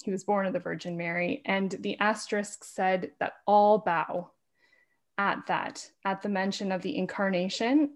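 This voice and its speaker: A woman who is a podcast guest in a casual interview, talking fast and laughing often. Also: medium pitch, steady tone. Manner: talks fast with frequent laughs.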